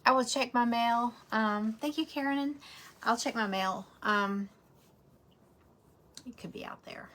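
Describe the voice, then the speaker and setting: A woman's voice: fairly high pitch, a little slow, long pauses, a bit bright. Woman, casual rambling host of a home craft livestream. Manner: chatty, rambling, talks straight to viewers.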